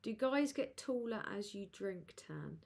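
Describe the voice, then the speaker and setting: A woman hosting a live chat with viewers, rambling and halting with many fillers, tired and low. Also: expressive, gravelly, a little mellow. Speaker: livestream host.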